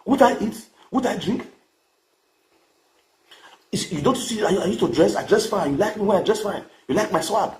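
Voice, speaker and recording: A man's voice: high-pitched, expressive, moderate pace, long pauses, a little mellow. A man with a Nigerian accent ranting to camera in a boastful, crude, mocking way, repeating his phrases. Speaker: vlogger.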